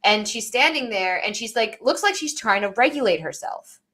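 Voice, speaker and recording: Chatty young mom telling a story. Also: female voice, on the high side, animated, normal speed, pushed and bright. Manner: storytelling, quoting her toddler with lots of "like". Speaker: podcast co-host. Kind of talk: casual chat.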